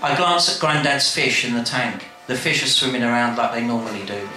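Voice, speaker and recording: A man reading his memoir aloud to a live audience in a bar, wry and animated, with quick asides. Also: medium pitch, over loud music. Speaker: storyteller. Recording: echoey live room, faint background noise.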